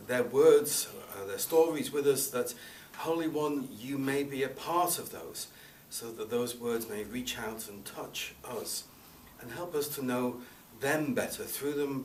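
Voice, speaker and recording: Brief: pastor, calm measured prayer, roomy church, distant mic. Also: male voice, medium pitch. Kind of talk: opening prayer and introduction. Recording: echoey church, from far off, faint noise.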